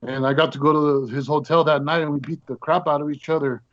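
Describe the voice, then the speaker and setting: A man with a fairly high voice tells a story as a guest on a show, lively and animated, jumping into other people's voices as he goes. The audio is dull and lo-fi. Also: fast talker, no room sound. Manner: animated, acts out the other people in his stories. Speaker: guest actor. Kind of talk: casual storytelling.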